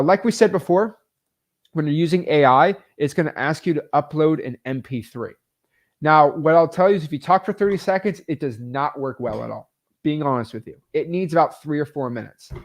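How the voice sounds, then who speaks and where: A man coaching real estate wholesaling in casual, energetic talk full of fillers. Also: fairly high pitch. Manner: energetic, filler-heavy, chatty.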